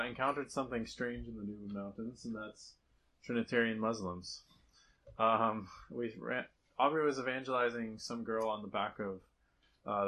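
With a lowish voice on a rough recording, a man gives a casual slideshow talk to a church group about a mission trip. He tells stories animatedly and laughs often.

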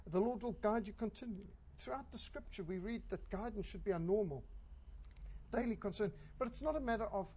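A woman's voice: mid-range voice, dark tone, slightly rough, dull audio. A woman preaching a sermon in an emphatic way, asking rhetorical questions.

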